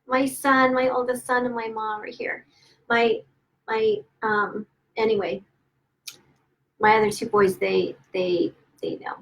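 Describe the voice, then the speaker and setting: A woman author on a livestream, emotional and close to tears, gushing with excitement and stumbling over her words as she celebrates her new book at home. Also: on the high side, low-quality recording. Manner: gushing and excited, halting with restarts. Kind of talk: casual livestream chat. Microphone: phone or webcam livestream.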